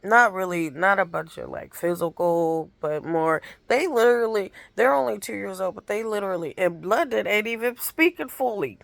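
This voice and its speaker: A woman's voice: medium pitch, animated, normal speed, creaky, few pauses, no echo. A woman chatting casually into her phone camera at home, rambling through stories about the toddlers in her care, with lots of restarts. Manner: rambling storytelling with many restarts. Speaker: aunt caring for young children. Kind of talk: casual rambling vlog chat.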